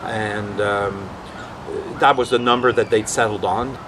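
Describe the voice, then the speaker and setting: A man's voice: lowish voice, a little slow, background noise. A man telling rambling anecdotes in a casual vlog, often acting out what others said. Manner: rambling, animated, quotes others in voices. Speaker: vlog host.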